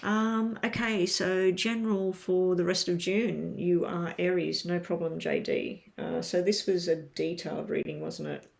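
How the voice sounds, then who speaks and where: Gravelly voiced tarot reader on a home livestream, casual, lots of ums, talks right to the viewers. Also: medium pitch, fairly even intonation, a little slow, few pauses. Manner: chatty, talks straight to viewers with many ums. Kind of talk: casual live-stream tarot reading.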